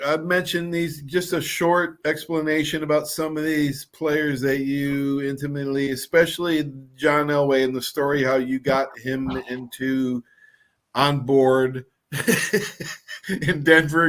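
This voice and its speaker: A man hosting an interview, asking long, halting questions full of fillers. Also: a little high, a bit bright. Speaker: host.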